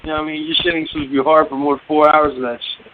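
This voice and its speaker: A man's voice: on the high side, little pitch movement, very fast, narrow, tinny audio. A man co-hosting a podcast in casual chat, joking, laughing and swearing. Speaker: podcast co-host.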